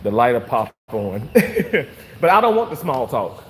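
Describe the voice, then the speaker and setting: A man casually venting to his viewers, animated and swearing freely, repeating himself for emphasis. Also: mid-range voice, a little slow, in a large hall, slight background noise. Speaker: vlogger reading live chat.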